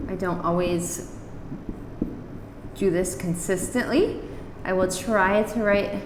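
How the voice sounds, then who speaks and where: A woman gives a language lesson at an unhurried pace, repeating each word patiently for her learners. Her voice carries a long, roomy reverb, as if recorded from some distance in a classroom, with faint room noise behind her. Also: mid-range voice. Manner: patient, repeats words slowly for practice. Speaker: language teacher. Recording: roomy echo, distant mic.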